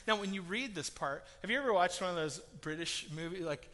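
A man delivers a sermon in an animated, conversational way, acting out little voices as he tells the story. His voice sits high and bright. The words ring out through the long reverb of a big hall. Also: fairly quick. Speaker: pastor.

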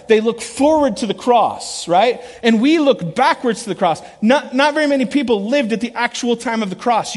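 A middle-aged man preaching a sermon, telling stories with lively acted quotes and dropping to quiet, earnest asides. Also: very high voice. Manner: animated storytelling, shifts between loud acted quotes and quiet earnest asides. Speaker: pastor. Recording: long reverb of a large hall.

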